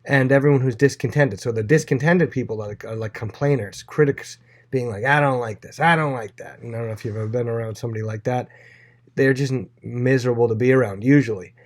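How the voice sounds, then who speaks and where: A man's voice: medium pitch, fast talker, a little mellow. A man teaching a casual Bible lesson, chatty, with many fillers, acting out quoted lines in playful voices.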